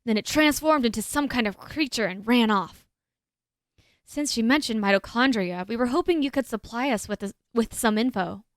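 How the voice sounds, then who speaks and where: A woman's voice: fairly high pitch, normal speed, no room sound, lightly acted. A woman reading a blunt male detective. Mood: questioning. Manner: read plainly in her own voice. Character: gruff male NYPD detective, dogged and blunt. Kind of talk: reading game dialogue aloud.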